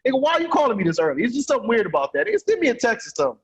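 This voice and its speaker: A man's voice: extremely high pitch, big pitch swings, racing, a crowd in the background. A man hosting a casual podcast, blunt and profane, teasing his co-hosts. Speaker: podcast host. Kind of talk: casual chat.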